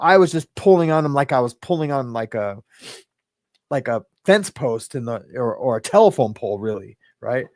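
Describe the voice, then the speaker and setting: A man in his fifties who hosts a livestream, telling a personal story in a rambling, halting way full of fillers and restarts. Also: on the high side, a little mellow, no room sound, clean studio sound. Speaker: livestream host. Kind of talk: casual storytelling.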